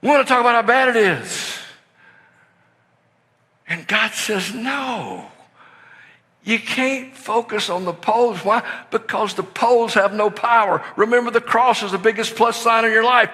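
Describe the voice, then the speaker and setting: An older man preaching a sermon, telling stories that swing from hushed to excited shouting. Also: high-pitched, normal speed. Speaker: pastor. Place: church sanctuary. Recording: long hall reverb in a church.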